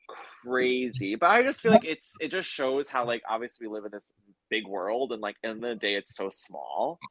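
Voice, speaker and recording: A man's voice: lowish voice, fairly bright tone, no room sound, rough recording. Young man telling a rambling story. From United States. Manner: rambling storyteller, many fillers. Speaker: guest. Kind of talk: casual chat.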